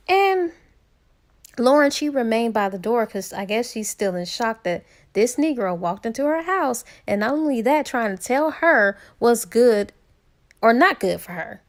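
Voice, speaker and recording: A woman's voice: fairly high pitch, expressive, measured pace. A woman casually retelling a novel's plot as a book reviewer, chatty and slangy, with fillers.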